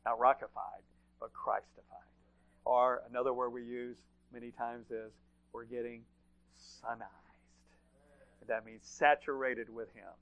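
A man's voice: mid-range voice, little pitch movement, a little slow, creaky, fairly bright tone, lo-fi sound. A man preaching a sermon in a conversational way, often repeating phrases and checking in with "right?".

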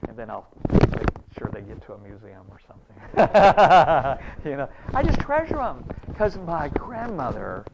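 A man in his fifties preaching a folksy, story-filled sermon, dropping to a hush and then rising loud and high. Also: wildly swooping pitch, unhurried, creaky, very noisy. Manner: folksy, storytelling, swings between hushed and loud.

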